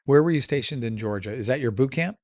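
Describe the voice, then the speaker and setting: A man's voice: mid-range voice, lively intonation, quick pace, a little mellow, no echo, clean studio sound. Chatty male podcast host. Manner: friendly, chatty, rambling questions. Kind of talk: casual interview.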